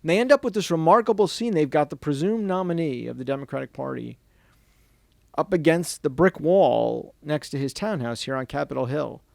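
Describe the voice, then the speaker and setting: A man speaking to an audience at a bookstore event, telling a story in a lively way and dropping to a hushed voice when he quotes people. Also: on the high side, a little fast, creaky, no room sound, clean studio sound. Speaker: author giving a book talk. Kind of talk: storytelling book talk.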